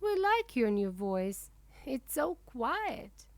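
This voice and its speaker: Sweet little ostrich chick, woman voicing, soft and slow, comforting. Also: high voice, big pitch swings, dry recording, heavily acted. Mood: kind.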